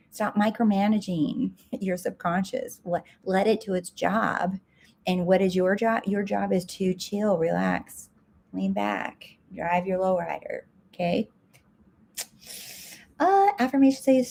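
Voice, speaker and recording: A woman's voice: on the low side, fairly even intonation, a little slow, a little mellow. A woman success coach answering viewer comments live, direct and emphatic, repeating her key points.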